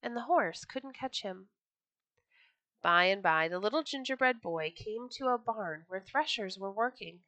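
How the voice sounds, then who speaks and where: A woman reads a storybook aloud with a bright, ringing voice and lively expression. The sound is close and dry, with no room around it. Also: medium pitch, measured pace, dry recording. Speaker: storyteller, podcast host.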